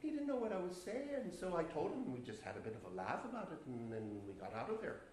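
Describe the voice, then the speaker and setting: A man's voice: fairly high pitch, very animated, fast talker, darkish tone, reverberant, slight background noise. A young actor playing a rural Irishman who tells a ghost story in a rambling, chatty way with nervous laughs, on a live stage. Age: young adult. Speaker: actor in a college play. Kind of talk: stage monologue. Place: theatre stage, live performance.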